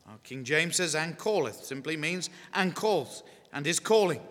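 A man from England, his voice on the high side and sharp in tone, preaches an evangelistic sermon in a church hall at a moderate pace. He repeats key phrases and puts questions to his listeners, while the hall echoes with long reverb.

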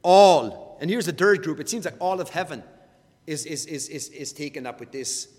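A man's voice: on the high side, expressive, normal speed, a little mellow, husky, in a large hall. A man teaching a Bible study in a conversational way, often repeating words as he goes.

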